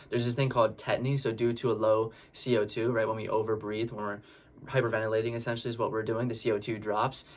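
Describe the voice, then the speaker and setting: A man, a breathwork facilitator, explaining a session in a relaxed, reassuring way and often repeating his words. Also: lowish voice. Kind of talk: casual explanatory talk.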